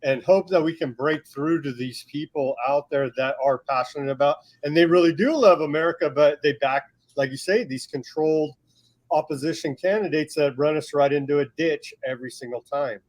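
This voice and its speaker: A man's voice: fairly high pitch, a little fast, no room sound. A man hosting a political show, asking the guest earnest, leading questions. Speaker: show host. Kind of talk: interview questions.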